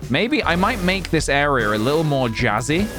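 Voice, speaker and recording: A man chats with his stream audience in a relaxed, rambling way, often laughing and humming little tunes. His pitch bounces around a lot. Soft game music plays faintly under his voice. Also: moderate pace. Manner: chatty and meandering, laughing, humming tunes to himself. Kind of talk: casual gameplay livestream chat.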